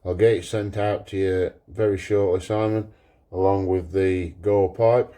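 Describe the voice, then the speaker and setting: Man, workshop vlog, deep voice, mellow tone, easygoing, thinks aloud. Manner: relaxed, thinking aloud, unhurried. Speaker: pipe maker.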